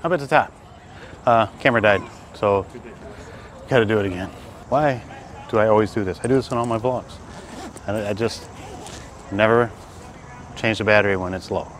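A middle-aged Detroit man vlogs his travels outdoors in a city by some stone steps, chatting casually into a handheld compact camera; he's self-deprecating and often winded. His lowish, slightly bright voice moves at a moderate pace with long pauses, over slight background noise.

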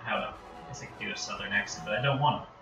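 A fairly low-voiced American man with a Northern accent fires off rapid-fire, rambling chatter while live-streaming a game, putting himself down and losing his train of thought. He's recorded from a distance in a roomy space, off-mic, with music behind.

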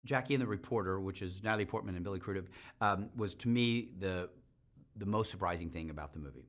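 Low-voiced enthusiastic man. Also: fast. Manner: enthusiastic, acts out quoted lines. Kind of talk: promotional interview soundbite.

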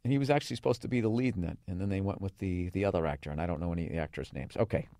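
A man's voice: low voice, racing, warm tone, no room sound, studio quality. A man hosting a podcast, reading listener emails aloud with profane, sarcastic asides. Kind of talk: casual podcast chat.

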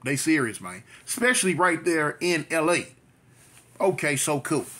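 A man's voice: on the high side, very animated, normal speed, sharp tone. A man in his fifties from South Central Los Angeles, telling a story to his channel in a chatty way, with repetitions and street slang. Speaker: vlogger. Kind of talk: storytime monologue.

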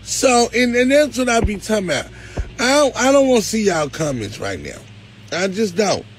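A man hosting a live stream, talking casually, pleading one moment and loudly complaining the next. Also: high voice, normal speed, slight background noise. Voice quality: animated, swings from pleading to loud complaint. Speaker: live show host.

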